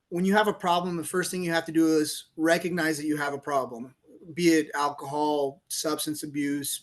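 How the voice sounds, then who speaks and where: A middle-aged man, a police officer turned author, telling a story on a podcast in a lively, laughing way and acting out the quotes. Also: on the high side. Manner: animated storyteller, laughs often, acts out quotes. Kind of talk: casual storytelling interview.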